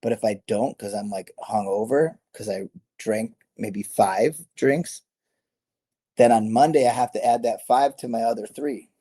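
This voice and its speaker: A man's voice: lowish voice, steady tone, unhurried, warm tone, husky. A middle-aged man, a former fighter, telling stories in a casual interview, rambling, correcting himself and laughing often. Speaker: guest, former MMA fighter.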